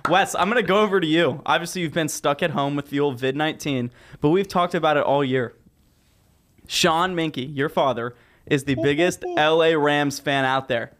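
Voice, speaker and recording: A man hosts a laid-back sports podcast, teasing his friends with animated, mock-defensive banter. He keeps the talk moving. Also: fairly high pitch, moderate pace. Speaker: podcast host. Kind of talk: casual sports chat.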